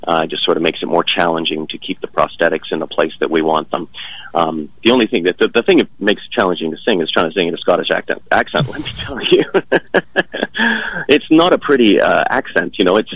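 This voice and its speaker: A man's voice: sits low, quick pace, breathy edge, poor audio. A man being interviewed about his stage work, speaking casually with many fillers and restarts.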